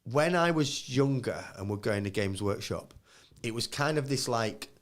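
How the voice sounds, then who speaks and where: A man's voice: mid-range voice, expressive, moderate pace. A man in his thirties co-hosting a live podcast, chatting casually and acting out quoted voices as he tells stories. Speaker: podcast co-host.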